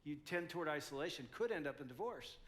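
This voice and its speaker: A man's voice: fairly high pitch, expressive, fast talker, a bit bright. A man in his sixties telling a self-mocking story about marriage conflict to a live conference audience, with lots of animation. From United States. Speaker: conference speaker.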